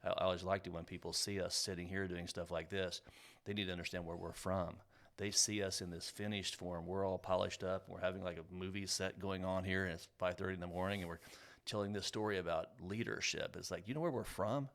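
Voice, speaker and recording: Deep gravelly man, fervent co-host. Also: fairly even intonation, fairly quick, a bit bright. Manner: emphatic, motivational, builds to fervent bursts. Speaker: podcast co-host. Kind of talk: casual conversation.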